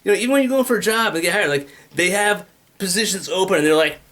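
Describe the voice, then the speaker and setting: A man's voice: sits high, fast talker, pushed and bright. A man in a casual, rambling rant, swearing often and restlessly jumping between ideas. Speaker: vlogger pitching his venture.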